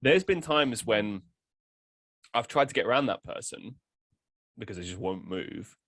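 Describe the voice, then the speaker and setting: Animated, bright-voiced podcast host. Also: male voice, lowish voice, measured pace. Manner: animated, stammers and restarts often. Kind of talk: casual chat.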